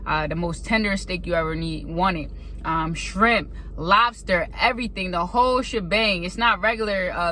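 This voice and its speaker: A woman telling a casual, animated faith story as a vlogger, sometimes acting out panicked voices. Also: fairly low pitch, slight background noise. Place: indoors at a laptop.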